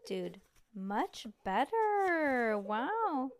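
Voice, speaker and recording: A woman's voice: high voice, sing-song, extremely slow. A woman reading a chapter book aloud to her child at home, breaking off for playful, chatty asides.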